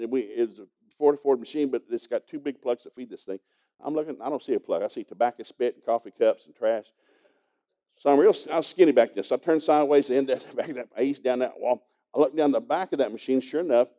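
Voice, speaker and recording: A man preaching, winding a folksy story into his sermon and chuckling along the way. He talks quickly. His voice is very dark and mellow, at a middle pitch. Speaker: pastor teaching a congregation.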